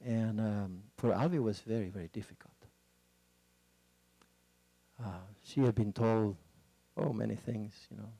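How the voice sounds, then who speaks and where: Gravelly low-voiced man, halting. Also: mellow, dry recording. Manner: halting, with frequent fillers. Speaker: guest speaker sharing testimony. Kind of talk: personal testimony talk.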